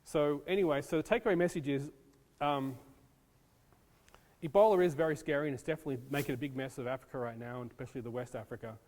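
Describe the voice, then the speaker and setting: An American man with a medium-pitched, slightly mellow voice speaks at a quick pace, giving a casual classroom lecture on disaster preparedness with many ums. The audio carries long reverb from a hall.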